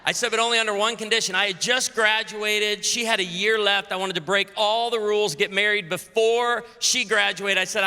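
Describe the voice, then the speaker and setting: High, bright-voiced man preaching in a hall. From Illinois. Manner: joking, punchy, calls out to the audience. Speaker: pastor speaking at a women's conference. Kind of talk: humorous conference sermon. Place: large convention hall. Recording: echoey convention hall with faint ambience.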